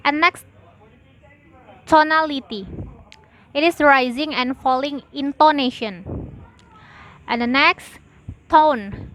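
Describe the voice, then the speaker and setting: A young woman, a student presenter, reading lesson notes aloud with deliberate pauses between phrases. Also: sits high, fairly bright tone, poor audio.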